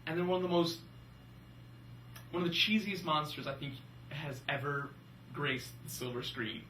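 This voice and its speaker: A young man co-hosting a casual movie-review chat, animated and jokey. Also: a little high, normal speed, a little hiss or hum. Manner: animated, jokey, slips into silly voices. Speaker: film review podcast co-host. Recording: roomy room from a distance.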